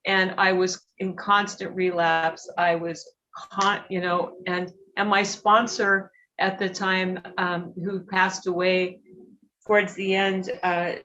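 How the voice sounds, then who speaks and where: A woman giving an emotional, halting personal share at a recovery meeting, teary and sniffling, with many fillers and restarts. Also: fairly low pitch, level tone, sharp tone, highs cut off, slight background noise. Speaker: guest speaker at a recovery meeting.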